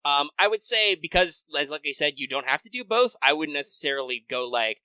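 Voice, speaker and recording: A man's voice: fairly high pitch, quick pace, few pauses, no room sound. A man co-hosting a casual gaming podcast, joking and ranting with plenty of profanity. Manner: animated, profane, joking rants. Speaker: podcast co-host.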